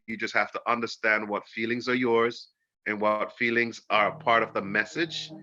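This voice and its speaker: A man with a very bright, forceful voice gives a livestreamed oracle card reading in a soft, earnest and spiritual way. The sound is dull and lo-fi, like audio from a phone. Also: fairly low pitch.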